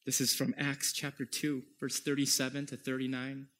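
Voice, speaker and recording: A man preaching a sermon as pastor, emphatic and at times dropping to a hushed whisper. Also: medium pitch, completely flat delivery, normal speed, few pauses.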